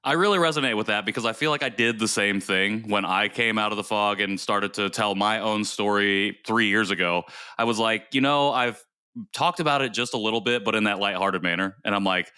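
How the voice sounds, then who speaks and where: A man hosts a podcast, posing long, thoughtful questions in a relaxed conversational way. His low voice is bright and forward, with a clean, resonant tone. The recording is dry and close-miked. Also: a little fast, clear, resonant tone, dry recording. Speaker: podcast host. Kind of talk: casual interview chat.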